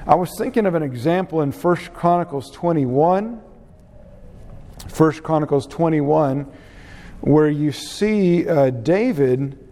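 A man teaching a Bible class in an unhurried way, often pausing with "uh" fillers. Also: a little high, mellow. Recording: long reverb in a hall.

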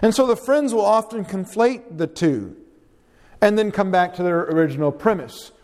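A man preaching a sermon and reading scripture aloud, slow and deliberate, with dramatic pauses. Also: sits high, animated, darkish tone. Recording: long reverb of a large hall.

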